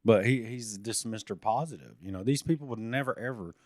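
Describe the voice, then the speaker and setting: A man's voice: lowish voice, a little fast, darkish tone, dry recording, studio quality. A man co-hosting a true crime podcast. He reacts with blunt, profane opinions. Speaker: podcast co-host. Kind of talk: casual true crime chat.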